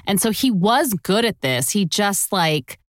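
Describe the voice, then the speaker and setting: A woman's voice: mid-range voice, big pitch swings, unhurried, no echo, studio quality. A woman co-hosting a podcast in casual chat, conversational with wry asides. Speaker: podcast co-host.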